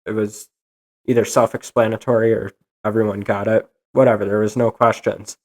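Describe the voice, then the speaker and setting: A young man hosting a solo podcast, ranting in an exasperated, animated way. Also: lowish voice, moderate pace. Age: young adult. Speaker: podcast host.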